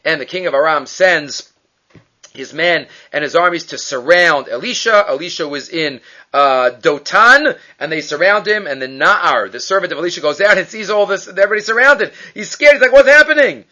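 Bright-voiced man teaching a Bible class. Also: on the high side, moderate pace. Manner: lively storytelling, acting out quoted lines; mixes Hebrew terms into English. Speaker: Torah teacher. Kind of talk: informal Bible class retelling. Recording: dull lo-fi recording.

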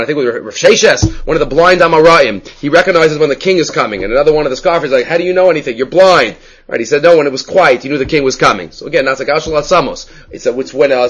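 A man teaching a Talmud class, telling its stories in animated English laced with Hebrew and Aramaic terms. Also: fairly high pitch, breathy edge, rough recording.

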